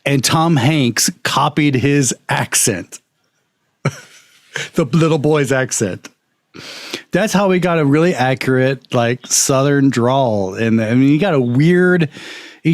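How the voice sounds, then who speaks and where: Podcast co-host: man, mid pitch, dry close sound, trivia talker. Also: no room sound. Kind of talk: casual chat.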